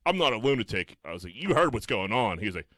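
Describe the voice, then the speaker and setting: A man co-hosting a podcast, telling a story in a casual, swearing, animated way and acting out his own lines. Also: fairly low pitch, quick pace, no echo. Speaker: podcast co-host.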